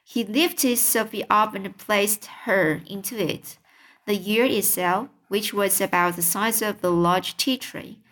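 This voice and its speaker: A woman reading a chapter book aloud at a slow, unhurried pace, her voice at an ordinary middle pitch. when she speaks freely, she halts often and leans on fillers. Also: a bit bright. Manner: halting, with many fillers when talking freely. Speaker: storyteller.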